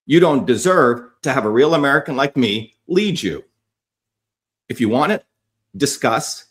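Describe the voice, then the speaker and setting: Angry middle-aged male commentator, profane tirade at viewers, very animated pitch. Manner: profane, shouting insults at commenters. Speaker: online commentator.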